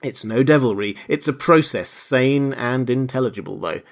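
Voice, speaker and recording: A man's voice: mid-range voice, normal speed, vocal fry, natural voice. A man reading as an urgent, menacing invisible man. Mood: insistent. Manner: urgent, pleading yet threatening.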